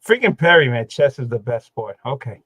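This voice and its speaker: A man's voice: medium pitch, very animated, fairly quick, a bit bright, poor audio. Laid-back male host. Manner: laid-back, short replies. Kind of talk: casual chat.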